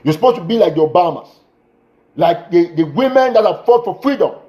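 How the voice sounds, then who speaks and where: A man urgently addressing his audience in an impassioned livestream appeal, repeating himself and breaking into shouts, speaking into a phone. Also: sits high, expressive, fairly quick, lo-fi sound. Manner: urgent, repetitive exhortations, bursts of shouting. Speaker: political commentator.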